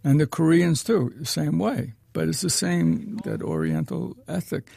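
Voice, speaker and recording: A man's voice: fairly high pitch, very animated, a little slow, gravelly, mellow, husky. A man who directs films, recalling his preparation and telling a digressive anecdote in an interview. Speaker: film director. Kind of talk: reminiscing interview answer.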